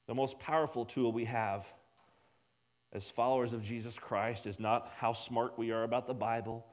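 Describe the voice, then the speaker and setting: A man preaching a sermon, emphatic, often dropping his voice low and quiet for weight. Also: steady tone, normal speed. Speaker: pastor.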